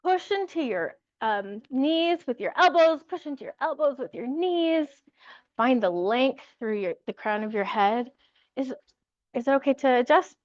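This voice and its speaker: A woman teaching a yoga class, giving calm, encouraging cues and laughing lightly now and then. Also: high voice, measured pace, no room sound, dull audio. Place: yoga studio with music.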